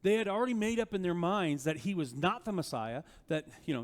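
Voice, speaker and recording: A male pastor preaching a sermon in a conversational, animated way, often asking rhetorical questions of the congregation. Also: sits high, moderate pace, few pauses, in a large hall.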